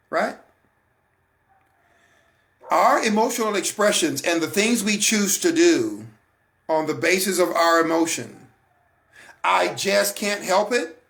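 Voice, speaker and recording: Gravelly, high-pitched American man preaching. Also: a bit bright. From United States. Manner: emphatic and repetitive, addresses listeners directly. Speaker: host of a Christian broadcast. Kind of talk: sermon-like teaching talk.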